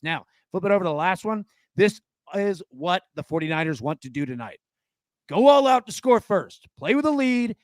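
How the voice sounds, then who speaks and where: A man's voice: high voice, no echo. A man co-hosting a sports betting show, casually breaking down football stats and talking straight to the viewer. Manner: coaching tone, talks to the viewer directly.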